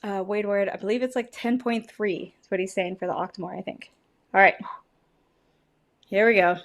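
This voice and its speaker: A woman's voice: mid-range voice, fairly even intonation, moderate pace. A woman hosting a casual livestream whiskey tasting, chatty and cussing, groaning dramatically at the flavors. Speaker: livestream host.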